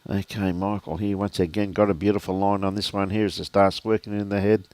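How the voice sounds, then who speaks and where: An older Australian man doing relaxed, chatty live commentary on a lawn bowls match, greeting viewers by name. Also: fairly low pitch, brisk, no room sound. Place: outdoor bowls club.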